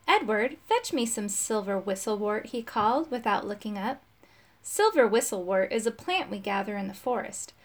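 A woman reading a children's chapter book aloud, telling the story in a lively, expressive way. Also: on the high side. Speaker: storybook reader.

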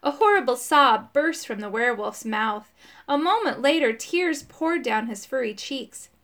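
A woman narrating a children's chapter book aloud, expressive and voicing the characters. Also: fairly high pitch, measured pace. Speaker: audiobook narrator. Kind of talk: children's audiobook reading.

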